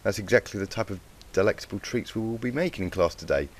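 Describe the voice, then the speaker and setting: A man's voice: fairly low pitch, quick pace, a little hiss or hum, natural voice. A man voicing a kindly, confident mare cooking teacher in a storybook reading who fusses and calls her students dear. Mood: cheerful.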